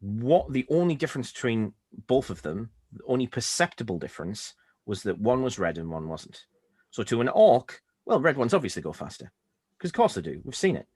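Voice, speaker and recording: A man's voice: medium pitch, sing-song, a little fast, darkish tone, no echo, clean studio sound. A man with a Northern English accent, co-hosting a podcast in casual, rambling, jokey chat. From Northern England. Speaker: podcast co-host.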